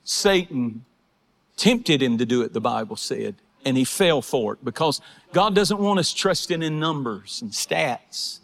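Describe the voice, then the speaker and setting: A man preaching a fervent sermon, swinging between shouted praise and hushed storytelling. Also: mid-range voice, expressive, a little slow, vocal fry. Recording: hall reverb.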